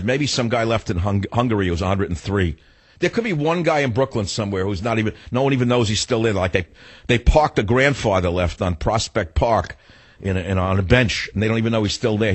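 A male talk radio host rants in a theatrical, indignant way, and his pitch climbs and drops constantly. His voice sits on the low side and sounds a bit husky. It is recorded dry and close on a studio mic. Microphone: studio microphone.

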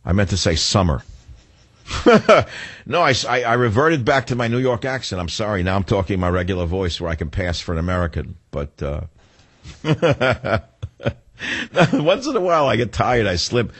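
A man's voice: fairly low pitch, moderate pace, breathy edge, no room sound. Older man ranting sarcastically on talk radio. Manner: sarcastic, rambling, animated rants with self-corrections. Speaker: radio talk show host.

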